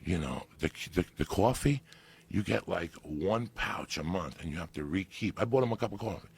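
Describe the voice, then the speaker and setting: A man telling a story in casual chat, animated and profane, with loud bursts of emphasis. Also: sits low, normal speed, vocal fry, husky. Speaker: podcast guest.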